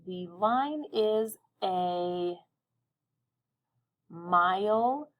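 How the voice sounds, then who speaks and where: A woman teaching a phonics lesson, sounding words out slowly and encouraging young learners. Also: on the low side, phone-quality sound, faint music behind. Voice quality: slow, carefully sounds out words. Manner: patient, encouraging, stretches words out.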